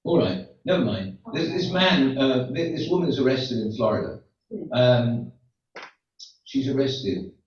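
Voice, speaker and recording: In an echoey synagogue hall, an older rabbi from outside the United States tells his congregation jokes, rambling chattily with asides. His mid-range voice is expressive and unhurried, captured by a distant, dull room mic.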